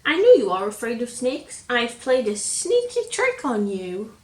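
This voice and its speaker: A woman's voice: fairly high pitch, wildly swooping pitch, unhurried, distant mic, a little hiss or hum. A woman voicing a mischievous male triangle shape from a picture book, speaking in a smug, teasing way.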